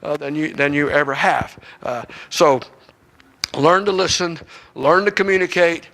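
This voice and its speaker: A middle-aged man preaching with a gravelly, bright edge to his voice. He spins folksy, joking stories in a slightly high register. The voice is lively and full of humor. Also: a little slow, poor audio. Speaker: guest preacher. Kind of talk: humorous sermon storytelling. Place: church.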